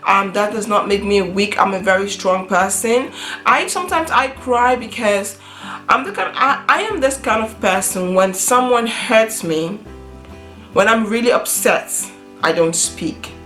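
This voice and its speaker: A woman's voice: mid-range voice, unhurried. Woman vlogger, mother; heartfelt and emphatic, restarts phrases; roomy sound, faint guitar bed. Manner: earnest, repeats and restarts phrases, animated emphasis. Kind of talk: casual talk to camera. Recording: echoey room with soft guitar music.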